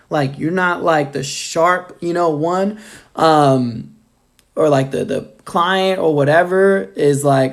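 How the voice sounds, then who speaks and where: Man, casual motivational live stream, filler-heavy, gravelly voice. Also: a little high. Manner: loose, filler-heavy, upbeat pep talk. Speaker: sales rep giving motivation.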